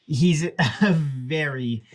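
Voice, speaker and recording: A man playing a tabletop game, excitable and rambling, often laughing. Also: on the high side, drawn-out words.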